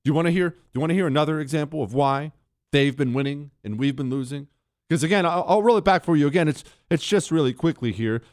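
A man hosting a political talk show, ranting in an exasperated, animated way. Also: a little high, fast, dry recording, studio quality. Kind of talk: opinionated commentary.

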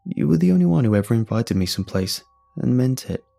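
A man's voice: medium pitch, very animated, fast, gravelly, dark tone, soft background music. A man voicing a laid-back young man with a slurred Southern California drawl, sheepish and mumbling. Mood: earnest.

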